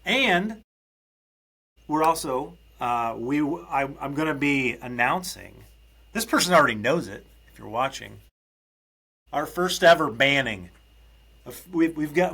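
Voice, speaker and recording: A man's voice: medium pitch, sharp tone. A man hosting a solo podcast, talking in a rambling, chatty way with lots of restarts and a grumpy, joking edge when he rants. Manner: chatty, rambling, frequent restarts and self-interruptions; grumpy humorous ranting. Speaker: podcast host.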